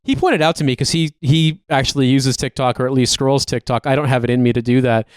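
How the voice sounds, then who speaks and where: A man's voice: mid-range voice, quick pace, smooth, no echo, studio quality. A man co-hosting a podcast, chatting casually in a rambling, profane way with lots of "like". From United States. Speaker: podcast co-host. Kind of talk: casual chat.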